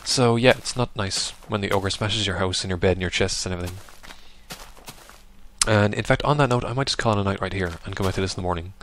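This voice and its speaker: A man's voice: low voice, fast talker, slight background noise. Chatty man narrating a game. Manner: chatty, rambling, bursts into loud yelps at the game. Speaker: gaming video host. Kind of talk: casual let's-play commentary.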